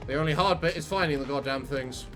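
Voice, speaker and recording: A man giving casual, jokey commentary while playing a video game, excitable and quick to swear. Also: a little high. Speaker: let's play host. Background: game music.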